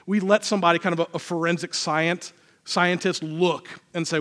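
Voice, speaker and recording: A man's voice: high-pitched, fairly even intonation, moderate pace, a bit bright. A man, a pastor, preaching a sermon in a conversational, self-deprecating way.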